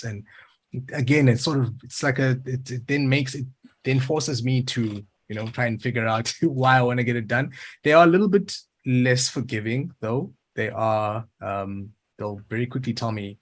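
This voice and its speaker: A man's voice: mid-range voice, normal speed. A South African man, a voiceover artist, answering interview questions thoughtfully with frequent ums.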